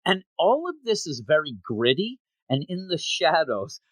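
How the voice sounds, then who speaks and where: A man co-hosting a podcast, chatting casually and acting out quoted lines in quick voices. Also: a little high, very animated, a bit bright, no room sound. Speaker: podcast co-host. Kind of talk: casual chat recapping a manga chapter.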